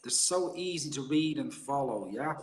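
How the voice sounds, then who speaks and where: A man's voice: medium pitch, animated, moderate pace. A man hosting a show, offering short, encouraging comments between poem readings.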